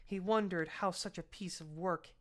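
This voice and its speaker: A woman reading a novel aloud in a steady, even storytelling voice. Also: lowish voice, moderate pace. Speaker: audiobook reader.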